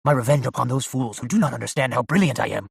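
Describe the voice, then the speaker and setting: An old scheming sorcerer in an audiobook, hushed low voice, husky, dry sound. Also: male voice, expressive, fast talker, no room sound, heavily acted. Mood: commanding. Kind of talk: audiobook narration.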